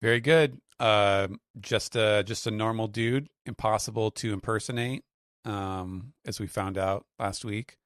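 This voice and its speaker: Dry, low-voiced male translator. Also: takes it slowly, few pauses, a bit bright, clean tone, dry recording. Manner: dry, self-deprecating, many fillers. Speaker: guest translator. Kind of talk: casual chat.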